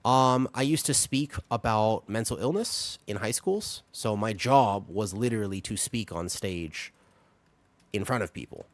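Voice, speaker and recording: Low-voiced male streamer, dry close mic. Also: measured pace, no echo. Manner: explains patiently, lively and talkative, laughs often. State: a little sick. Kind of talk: casual chat with stream chat while gaming.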